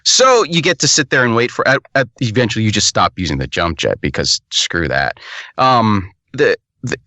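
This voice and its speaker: A man's voice: lowish voice, sing-song, normal speed, pushed and bright, no room sound. A man co-hosting a podcast, reviewing a game in rambling, casual, sometimes profane talk with lots of restarts.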